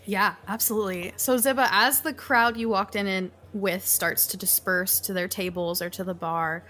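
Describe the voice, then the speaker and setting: A woman narrating a tabletop game as game master, lively and quick to laugh. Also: mid-range voice.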